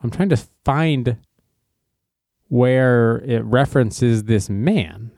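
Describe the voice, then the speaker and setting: A man's voice: mid-range voice, slow pace, creaky, dark tone, no room sound, studio quality. A man hosting his own news commentary show, reading articles aloud and sarcastically mocking them in put-on voices.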